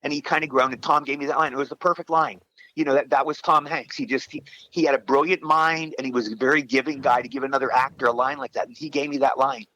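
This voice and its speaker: A man in his sixties, an actor telling rambling, excited stories with many restarts in a casual interview. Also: mid-range voice, quick pace, rough recording. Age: 60s. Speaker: actor guest.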